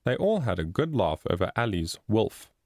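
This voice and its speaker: A man narrating a storybook chapter in a steady, expressive reading. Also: fairly low pitch, moderate pace, dry recording. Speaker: audiobook narrator.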